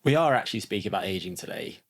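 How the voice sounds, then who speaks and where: A man's voice: lowish voice, lively intonation, rapid-fire. A man co-hosting a health podcast, a scientist who teases his co-host in a dry, wry way. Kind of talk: casual podcast banter and scripted intro.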